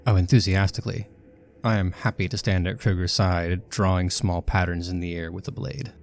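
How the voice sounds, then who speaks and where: Deep-voiced man, wry player. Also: moderate pace, gravelly, a little hiss or hum.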